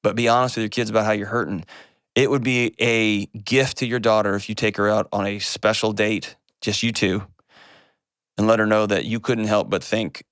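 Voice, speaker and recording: A man, hosting an advice call-in show and answering a caller in an earnest, gentle way. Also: on the low side, fairly even intonation, normal speed, clean tone, no echo, clean studio sound. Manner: earnest and gentle, shifts pace often.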